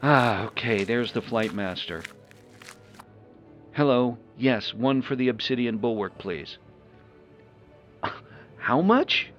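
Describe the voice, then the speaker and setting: A man's voice: medium pitch, lively intonation, slow, pauses often, a bit bright. A man voicing a timid, flustered host on a trip, who stammers nervously. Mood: anxious. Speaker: show host. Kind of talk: one-sided audio role-play. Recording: lo-fi recording with faint music.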